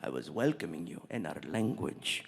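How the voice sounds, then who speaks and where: A man voicing a young prince who speaks slowly and formally, with gracious calm. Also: gravelly, husky, exaggerated voice. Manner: slow, formal, deep and measured. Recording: reverberant venue, faint noise.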